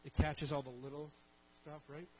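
Animated preacher with a slightly high voice. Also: male voice, moderate pace, slightly rough, poor audio. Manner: animated storytelling, calls to the congregation. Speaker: pastor. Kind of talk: sermon.

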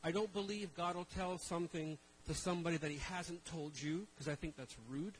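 A man's voice: a little high, steady tone, brisk, slight background noise, low-quality recording. A middle-aged man preaching a sermon to a live congregation in a conversational way, with self-deprecating jokes and rhetorical questions. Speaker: traveling minister.

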